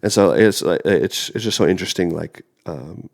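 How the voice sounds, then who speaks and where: A man's voice: sits low, normal speed, gravelly. A young man in his twenties with a cold that leaves him congested, chatting casually and rambling as a podcast co-host. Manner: rambling, filler-heavy. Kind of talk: casual chat.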